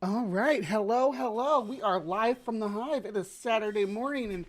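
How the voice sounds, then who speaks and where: A woman hosting a live stream in a bubbly, rambling, chatty way, her voice slightly hoarse from sinus drainage. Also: mid-range voice, moderate pace. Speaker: livestream host. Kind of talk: casual live-stream chat. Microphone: webcam setup.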